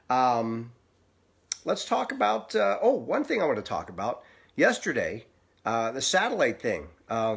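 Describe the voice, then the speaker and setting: Man, weather presenter, casual chatty forecast, folksy and relaxed, mid-pitched voice. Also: gravelly. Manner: relaxed and folksy, prone to small asides.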